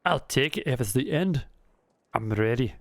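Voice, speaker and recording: A man voicing an old, gruff male giant warrior in a put-on Scottish accent, blunt and crude, while reading game dialogue aloud. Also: mid-range voice, animated, normal speed, no room sound. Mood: defiant.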